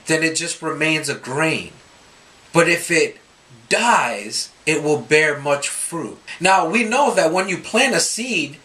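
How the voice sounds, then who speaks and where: A man giving a Scripture reflection for a youth ministry, telling stories animatedly and acting out the people he quotes. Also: a little high. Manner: animated storytelling, quoting others in voices.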